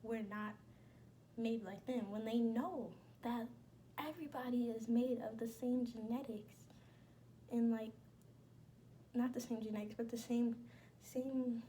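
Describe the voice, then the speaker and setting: A woman's voice: fairly high pitch, steady tone, a little slow, pauses often, mellow, a little hiss or hum. A young woman talking casually and bluntly to her viewers, slangy and emphatic. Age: young adult. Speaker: vlogger. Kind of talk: casual chat.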